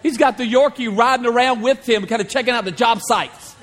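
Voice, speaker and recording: Storytelling pastor in a ringing hall. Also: male voice, extremely high pitch, fairly quick, a faint crowd. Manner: storytelling, conversational, animated asides. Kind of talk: sermon. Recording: long hall reverb.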